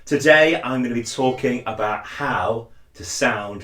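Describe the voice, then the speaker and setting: A man's voice: medium pitch, unhurried, pushed and bright. A man hosting a casual cosplay tutorial, friendly and self-effacing, with frequent "uh" fillers and restarts. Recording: roomy echo.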